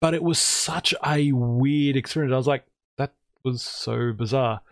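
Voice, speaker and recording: A man of ordinary pitch chatting casually as host and spinning long anecdotes with lively energy. He often jumps into higher, excited voices when he acts out his own lines. The sound is dry and close, with no room around it. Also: measured pace, dry recording. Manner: animated storyteller, jumps into high excited voices when quoting himself. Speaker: podcast host and streamer. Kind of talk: casual chat.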